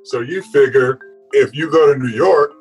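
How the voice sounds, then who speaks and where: A former basketball player in an interview, speaking in a casual, informal way. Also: male voice, medium pitch, moderate pace, soft background music, low-quality recording. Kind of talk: interview recollection.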